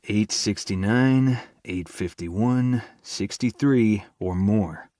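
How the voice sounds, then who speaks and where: A man's voice: lowish voice, a little mellow, no room sound, clean studio sound. A man narrating a first-person audiobook chapter with a tense inner-monologue manner.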